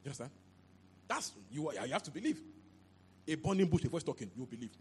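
A man preaching a sermon into a handheld mic, animated and repetitive, often asking if the listeners understand. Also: fairly high pitch, fast talker, husky. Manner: animated, repeats phrases, asks "you understand?". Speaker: pastor.

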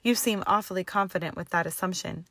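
A sullen, arrogant young man drawls his sarcastic comebacks, as a woman reading aloud puts him on. The lines come out a touch louder and sharper, in a dry close recording. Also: fairly low pitch, brisk, no echo.

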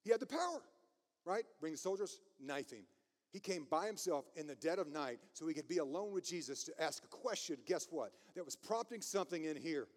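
Passionate high-voiced preacher in a hall. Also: male voice, lively intonation, a little fast. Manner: passionate, emphatic, laughs at himself. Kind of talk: sermon.

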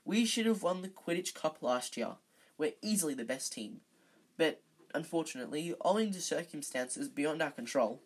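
An amateur reader voicing a stern, intense teenage boy team captain who barks orders with loud outbursts. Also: mid-range voice, lively intonation, moderate pace, slightly rough. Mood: rallying.

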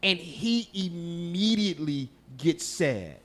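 A man's voice: on the high side, lively intonation, slow, a bit bright. A man from Texas co-hosting a podcast, telling stories in a loose, profane, laughing way. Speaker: podcast co-host. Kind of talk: casual chat.

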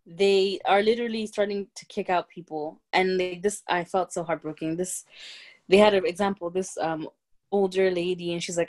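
Lower-voiced woman, rambling casual chat. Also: fairly even intonation, moderate pace, darkish tone. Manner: rambling, heavy on fillers. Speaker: podcast co-host.

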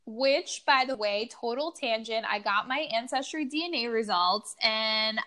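A woman co-hosting a podcast, telling stories in a chatty, animated way with lots of "like" fillers. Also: fairly high pitch, unhurried. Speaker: podcast co-host. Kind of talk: casual chat.

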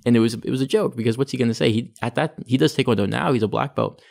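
Gravelly-voiced Canadian man telling his story. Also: medium pitch, racing, a little mellow. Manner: chatty, fills with "like" and "you know". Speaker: guest, taekwondo athlete and sports psychology practitioner. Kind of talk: casual interview storytelling.

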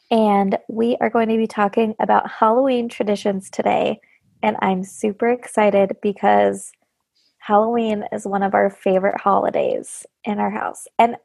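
A woman in her thirties hosts a podcast in relaxed, bubbly chat, laughing often and peppering her talk with "like." Her voice has a gravelly fry and a husky edge. The sound is dry and close. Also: medium pitch, moderate pace, dry recording. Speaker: podcast host. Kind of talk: casual chat.

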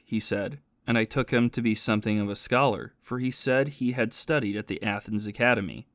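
Calm man reading an audiobook. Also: fairly low pitch, a little fast, hardly any pauses, dry recording, studio quality. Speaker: narrator. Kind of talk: audiobook reading of a spiritual classic.

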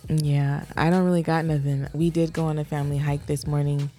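A woman in her thirties co-hosting a podcast, telling stories with animated laughter in casual chat. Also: deep voice, a little fast, faint music behind. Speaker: podcast co-host.

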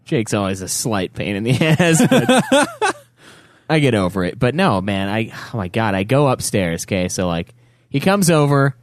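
Animated swearing man telling stories. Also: mid-range voice, normal speed, no room sound, studio quality. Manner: animated storytelling with frequent swearing. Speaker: podcast co-host. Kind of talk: casual chat.

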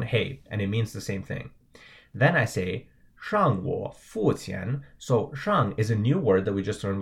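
A man teaching words and tones, explaining patiently and checking in with "right?". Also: lowish voice. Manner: patient, repeats "right?" often. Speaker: language teacher.

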